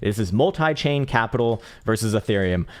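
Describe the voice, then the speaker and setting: Casting note: young male crypto streamer, lower-pitched voice, loose and profane, quick to laugh. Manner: profane, animated, laughs often. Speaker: crypto trading livestream host. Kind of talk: casual live market analysis.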